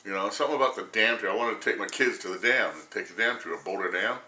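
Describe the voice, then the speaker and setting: A man's voice: lowish voice, quick pace, pushed and bright, roomy sound. A man in his sixties ranting casually to camera, rambling and crude, laughing often as he talks. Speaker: vlogger.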